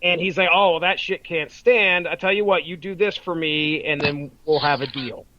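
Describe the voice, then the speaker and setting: A man's voice: fairly high pitch, moderate pace, pushed and bright, dull audio. A man co-hosting a podcast, chatting casually in a rambling way as he retells a plot, swearing and laughing freely. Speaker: podcast co-host. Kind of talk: casual chat.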